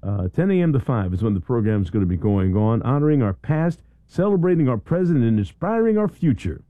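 In a radio studio, a male talk radio host with a mid-range voice chats loosely and reads event announcements, rambling with many "you know"s, restarts, and bursts of excited shouting. The audio is narrow and tinny, with no echo.

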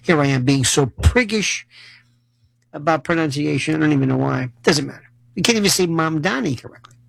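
A man's voice: on the high side, lively intonation, fairly quick, vocal fry, a bit bright, no echo, rough recording. A male political commentator delivering a sarcastic monologue and rattling off long lists of issues.

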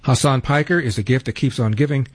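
A man hosting a talk radio show, giving sardonic commentary and reading ads in a brisk manner. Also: mid-range voice, over a noisy crowd. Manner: brisk, sardonic delivery with ad reads. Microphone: studio microphone.

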